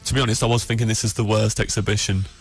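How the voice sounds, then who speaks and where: A man's voice: on the low side, fairly even intonation. A young man with an English Midlands accent, telling a rambling comic story on the radio, full of fillers and restarts. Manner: rambling, halting storytelling with frequent fillers and self-interrupting restarts. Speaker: comedian guest telling a story. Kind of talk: radio comedy anecdote.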